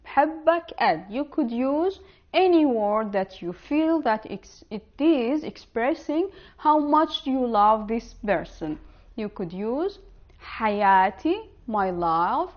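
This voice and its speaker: A woman teaching an online language lesson, slowly and carefully pronouncing the example words. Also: a little high, animated, dull audio.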